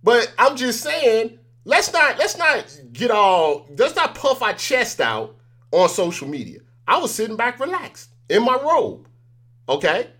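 A man's voice: very high voice, sing-song, measured pace, fairly bright tone, husky. A man hosting a news commentary show, talking straight to his viewers in an emphatic, repetitive way and chuckling between points. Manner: addresses viewers directly. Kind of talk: casual on-camera commentary.

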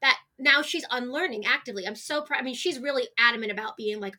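A woman guest on a podcast, talking in an animated, storytelling way in casual chat. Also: fairly high pitch, fast talker, few pauses.

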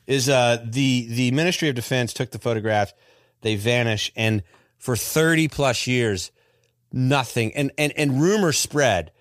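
A man's voice: mid-range voice, no echo, studio quality. A man hosting a casual podcast, telling a story with many fillers and restarts. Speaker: podcast host. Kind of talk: casual chat.

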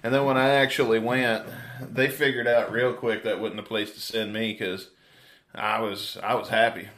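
A man chatting casually, his voice bright and forward. He laughs easily and answers with quick, teasing remarks. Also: lowish voice, level tone. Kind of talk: casual chat.

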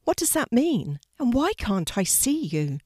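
A woman's voice: fairly high pitch, big pitch swings, measured pace, darkish tone, no echo, studio quality, pitched above the performer's own voice. A woman voicing a curious, doubtful young girl in a storybook reading. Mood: puzzled. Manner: questioning, a bit sarcastic.

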